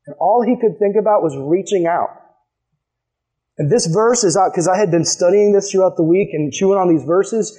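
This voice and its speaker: A male pastor preaching a sermon, telling a personal story with animated, acted-out dialogue before reading scripture. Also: brisk. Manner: animated storytelling, acts out quotes in a higher voice.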